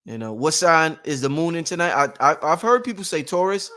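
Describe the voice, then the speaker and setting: Rambling, higher-voiced man hosting a livestream. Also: sing-song, fairly quick. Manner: rambling and repetitive, with frequent restarts and slang; hypes up and shouts out his viewers. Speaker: livestream host. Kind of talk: casual motivational livestream monologue.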